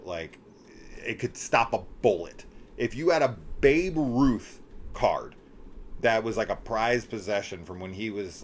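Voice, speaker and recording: A middle-aged man talking through a horror film in a casual spoiler discussion, animated and incredulous, swearing and acting out scenes. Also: fairly low pitch, a little hiss or hum. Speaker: horror movie reviewer.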